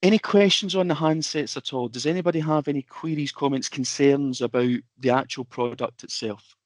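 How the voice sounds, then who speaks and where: A man's voice: a little high, a little fast, dry recording. A man presenting a product in a webinar from his home office, talking informally with lots of fillers. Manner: chatty, informal, filler-heavy.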